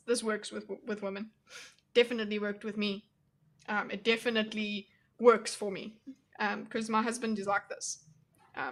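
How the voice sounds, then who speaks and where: A woman's voice: fairly high pitch, pushed and bright. A young woman streaming reaction commentary, talking casually to her chat with blunt, mocking asides.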